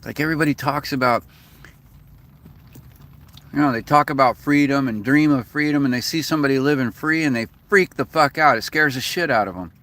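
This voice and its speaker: A man's voice: mid-range voice, brisk, a bit bright. A man venting in a rambling, profane, casual rant as a vlogger. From United States.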